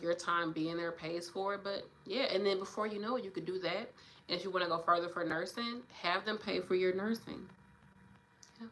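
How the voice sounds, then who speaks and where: A woman nurse in her thirties chatting casually on a livestream, animated and preachy, addressing viewers directly. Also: on the low side, a little hiss or hum. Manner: animated, preachy, talks straight to viewers with "y'all" and "child".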